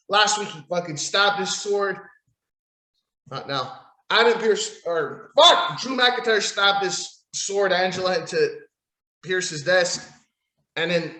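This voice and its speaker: A high-pitched man with a sharp tone hosts a solo podcast, recapping things in a rambling, profane, sarcastic way. The room he's in is echoey.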